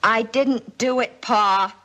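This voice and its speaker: A woman's voice: on the high side, expressive, a little slow, fairly bright tone, low-quality recording. An actress playing a troubled schoolgirl accused of setting fires, pleading and defensive, in 1950s TV drama style. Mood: desperate. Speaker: daughter Alice.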